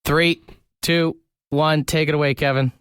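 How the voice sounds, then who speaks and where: A man's voice: on the high side, steady tone, unhurried, a bit bright, clean tone. A man from Canada hosting a morning radio show, upbeat and laughing often as he runs a call-in game. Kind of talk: casual morning radio banter.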